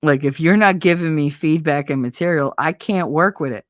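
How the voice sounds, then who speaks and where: A woman's voice: deep voice, normal speed, no echo. A middle-aged woman live-streaming, chatting casually and reading out viewer comments, blunt, profane and sarcastic, often laughing.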